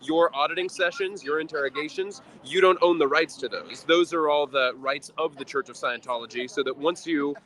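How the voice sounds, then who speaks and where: A man giving an earnest, measured explanation outdoors at a protest, pausing on fillers as he goes. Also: on the high side, a bit bright. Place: outdoors on a city street.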